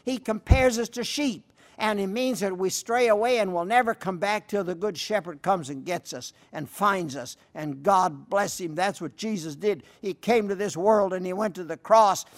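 A man's voice: high-pitched, normal speed, few pauses. An older man preaching a folksy sermon, telling stories with emphatic repetition and answering listener letters. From rural sheep-raising upbringing. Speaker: radio preacher.

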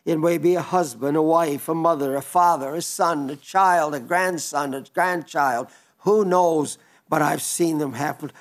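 A male pastor retelling a story in a sermon, earnest, with restarts and slow, emphatic stretches. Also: fairly high pitch.

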